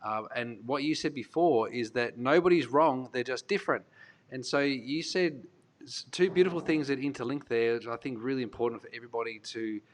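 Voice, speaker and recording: A man's voice: medium pitch, fairly quick, a little hiss or hum. A man hosting a podcast, talking earnestly and reflectively and restarting his sentences now and then. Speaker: podcast host. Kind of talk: podcast interview.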